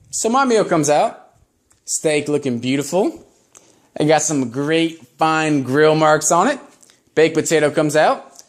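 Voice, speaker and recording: A young man doing a stand-up set, telling crude stories in a rambling, profane way. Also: on the high side. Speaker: stand-up comedian.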